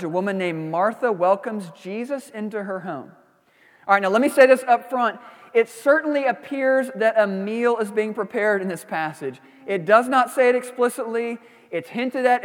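A man's voice: high-pitched, long reverb tail. A man preaching a sermon as a pastor, reading scripture, praying and teaching in a conversational way with frequent asides.

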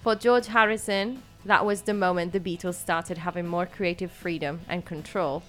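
A woman's voice: fairly low pitch, fairly even intonation, moderate pace, fairly bright tone, faint music behind. A woman hosting a podcast, mixing read-out notes with casual, hesitant chat that is full of fillers. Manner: chatty, hesitant, many fillers. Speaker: podcast host.

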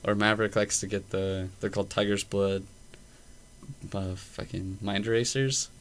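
A young man with a slightly low voice tells a bar story for his podcast in a loose, profane ramble. Faint noise hums under the recording. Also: little pitch movement, moderate pace. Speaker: podcast host. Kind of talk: casual chat.

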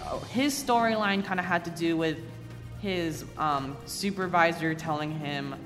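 Bright excitable co-host in echoey room. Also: medium pitch, a little slow, faint music behind. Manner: excitable, laughing, filler-heavy. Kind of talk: casual chat recapping a video game.

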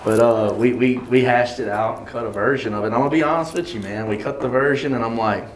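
Man, animated storyteller, mimics quoted voices, faint background noise. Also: mid-range voice, fast talker. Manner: lively anecdotes, acts out quoted voices, laughs often. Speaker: singer and bandleader.

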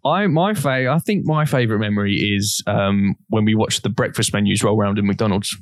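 A man's voice: lowish voice, a little fast, no echo. Young guy rambling through a story, swears a lot, dry close sound. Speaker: podcast co-host. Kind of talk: casual chat.

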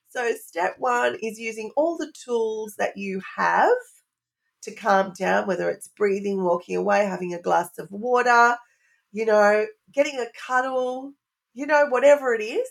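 A woman's voice: mid-range voice, normal speed, gravelly. Earnest woman, parenting expert guest. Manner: earnest, speaks in lists and repetitions. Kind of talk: podcast interview.

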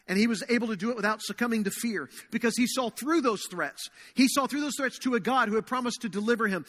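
A man preaching a sermon as pastor to his congregation, earnest and slowing down to stress key phrases. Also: very high-pitched, sharp tone. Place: church sanctuary. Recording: long reverb of a large hall.

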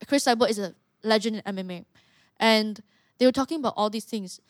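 A woman's voice: mid-range voice, no room sound. Young woman, casual interview guest, close dry mic. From Malaysia. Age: young adult. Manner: animated storytelling, quick asides. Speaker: guest, mixed martial artist.

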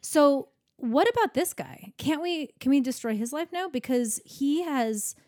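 Frank, animated woman chatting. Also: high voice, a little slow, dry recording, clean studio sound. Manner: animated, frank, acts out quoted voices in stories. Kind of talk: casual chat.

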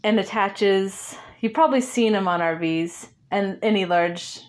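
A woman speaks as an interview guest, telling a personal story in a relaxed, chatty way. She laughs often and acts out remembered conversations as she goes. Her voice sits at a middle pitch for a woman. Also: unhurried. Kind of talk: casual storytelling.

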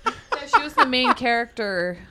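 A woman's voice: fairly high pitch, very animated, normal speed, sharp tone, no echo. A woman co-hosting a podcast, playful and wry in casual chat. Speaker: podcast co-host.

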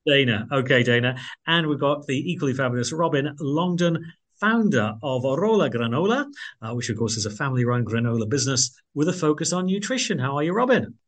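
A man's voice: mid-range voice, animated, a little fast. A man hosting a radio interview, effusive and full of fillers. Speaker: radio host.

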